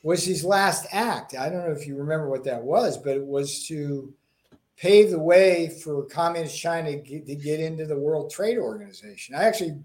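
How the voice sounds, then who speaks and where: A man from Florida with a slight Boston accent, a guest telling animated stories with many restarts and repeated words. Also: fairly high pitch, normal speed. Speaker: political guest. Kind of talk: interview conversation.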